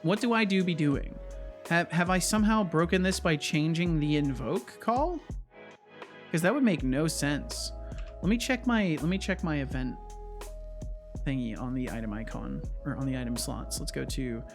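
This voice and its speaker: A man's voice: a little high, moderate pace, faint music behind. A man streaming as a game developer, chatting casually and thinking aloud with frequent restarts, easily startled. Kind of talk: casual live-coding chat.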